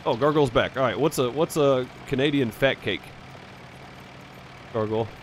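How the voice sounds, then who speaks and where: A man's voice: medium pitch, moderate pace, slight background noise. A man telling rambling stories in casual chat while streaming a farming game. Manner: rambling, chatty, fillers and restarts. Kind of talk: casual storytelling over voice chat.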